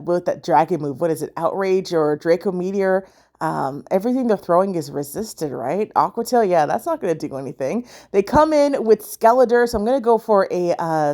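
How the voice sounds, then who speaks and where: A sleepy, yawning woman with a mellow, medium-pitched voice narrates her own video game battles in a chatty way. She often sounds unsure, thinking out loud with fillers, as host of a gaming channel.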